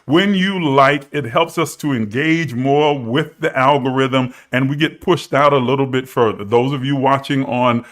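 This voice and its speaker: Bright-voiced preacherly man. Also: medium pitch. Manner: preacherly, drawn-out emphasis, rising to exclaim. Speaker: host of a spiritual live stream. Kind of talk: live-stream talk to online viewers.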